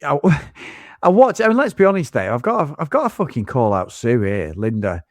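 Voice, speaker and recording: A man's voice: mid-range voice, sing-song, moderate pace, no echo, studio quality. A man in casual film review chat, ranting with lots of swearing as a podcast co-host.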